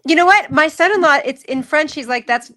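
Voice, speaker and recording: Middle-aged California woman, slightly high, chatty, faint background noise. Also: expressive, fairly quick, bright, forceful tone. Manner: chatty, asks the others questions. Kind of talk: casual chat.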